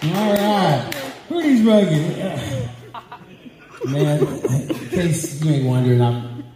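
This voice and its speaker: A man's voice: fairly high pitch, expressive, takes it slowly, a crowd in the background. A man doing a loose, rambling stand-up set, laughing at his own jokes. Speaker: stand-up comedian. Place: club or hall with a live audience. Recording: echoey hall, noisy live room.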